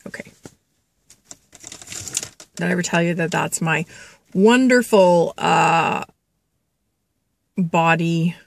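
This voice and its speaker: This intuitive reader, a woman, hosts a spiritual reading vlog where she relays a spirit's messages and calls her listeners children. Her low-leaning, gravelly voice moves slowly with frequent pauses. She's chatty, laughing and coughing between thoughts.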